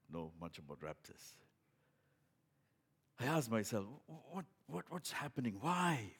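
A man preaching a sermon as a pastor. He swings from loud emphatic bursts to quiet low asides, often restarting with "in other words". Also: husky.

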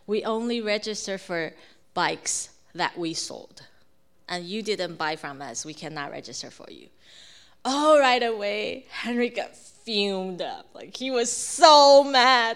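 A woman telling a personal testimony with animated storytelling, quoting others and using frequent fillers. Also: medium pitch, a little slow. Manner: animated storytelling with quoted voices.

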